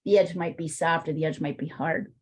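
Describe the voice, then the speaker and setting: A woman's voice: deep voice, fairly even intonation, a little fast, breathy edge. A woman art teacher with a weak, strained voice, chatting and thinking aloud while she demonstrates drawing in a live online class, with plenty of fillers.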